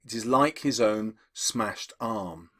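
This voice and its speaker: A man teaching English, explaining poetry analysis to students and slowing down to read quotations. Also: fairly low pitch. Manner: lively, emphatic, slows down to read quotations.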